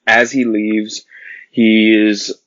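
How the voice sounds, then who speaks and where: A man's voice: fairly low pitch, monotone, a bit bright, no echo. Earnest man reviewing a film, muffled. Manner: earnest, pauses and restarts while recounting scenes.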